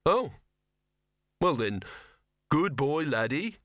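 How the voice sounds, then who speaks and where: A man's voice: on the high side, very animated, slow, fairly bright tone, no echo, clean studio sound, pitched above the performer's own voice, heavily acted. A man playing a nervous, hesitant young man. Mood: unsure. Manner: hesitant, anxious. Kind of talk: audiobook character voice.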